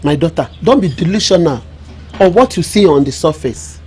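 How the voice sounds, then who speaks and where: A woman's voice: deep voice, animated, moderate pace, background noise. An actress playing a wise village mother with a Nigerian accent, counselling her daughter through proverbs. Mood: knowing. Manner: knowing, proverb-laden counsel.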